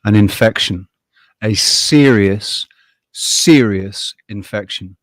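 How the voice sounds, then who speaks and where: A man's voice: fairly low pitch, slow pace, no room sound, clean studio sound. Blunt, swearing man ranting on a podcast. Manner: laughs often, restarts mid-sentence. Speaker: podcast co-host. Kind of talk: casual live podcast chat.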